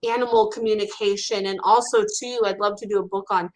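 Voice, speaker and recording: A woman's voice: medium pitch, steady tone, fast, rough recording. A woman guest in a casual interview, an animal communicator who talks enthusiastically and gushes. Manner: enthusiastic, gushing.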